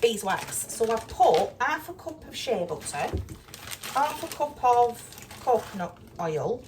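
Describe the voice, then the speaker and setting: High-ish and very animated, her voice moves at a slow pace as this woman vlogger chats over her cooking, exasperated yet down to earth. The cold home kitchen is noisy, with pans and dishes clattering loudly, and the mic is placed at a distance.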